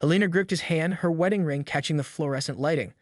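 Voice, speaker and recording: A man's voice: on the high side, fast talker, no room sound, clean studio sound. A man narrating a dramatic scripted story about a neighborhood dispute.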